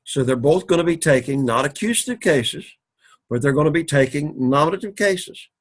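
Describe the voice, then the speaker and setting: Husky man lecturing on Greek grammar. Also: a little high, animated. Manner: patient, drawn-out explaining with many "all righty"s and restarts. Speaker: Greek teacher. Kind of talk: recorded classroom lecture.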